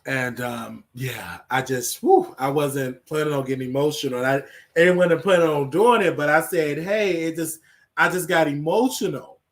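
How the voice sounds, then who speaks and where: A man's voice: on the high side, moderate pace. A man hosting his own show, chatting casually to his viewers, repeating phrases and calling them y'all. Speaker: show host. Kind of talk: casual solo chat to viewers.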